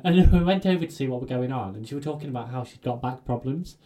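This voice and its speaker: Brief: man, podcast co-host, mid-pitched, laid-back anecdotal delivery. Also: fast, mellow. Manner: easygoing, laughs through stories. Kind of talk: casual storytelling chat.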